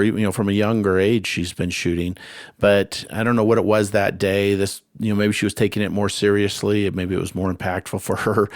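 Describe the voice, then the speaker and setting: A man's voice: fairly low pitch, dry recording, clean studio sound. A man hosting a casual conversation, rambling along with many restarts and fillers. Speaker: host.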